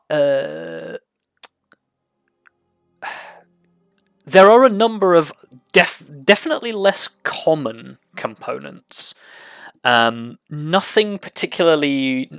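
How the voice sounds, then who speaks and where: A man game master narrating a tabletop game, halting and full of restarts. His voice sits at a middle pitch and sounds close and dry, with no room sound around it. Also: fairly bright tone, no room sound. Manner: hesitant, full of ums and restarts.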